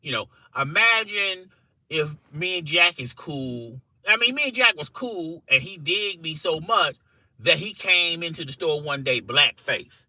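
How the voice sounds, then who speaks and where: A man telling a funny workplace story to camera in an animated, conversational way, often checking in with "okay?" and "you know". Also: fairly high pitch, unhurried, no echo, low-quality recording. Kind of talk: casual story told to camera.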